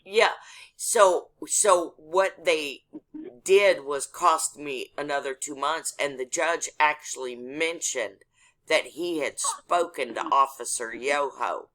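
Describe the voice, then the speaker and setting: A woman's voice: deep voice, takes it slowly, a bit bright, low-quality recording. A woman from Texas, a caller telling her story in casual chat, blunt and indignant, with a bit of cursing. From Texas, USA.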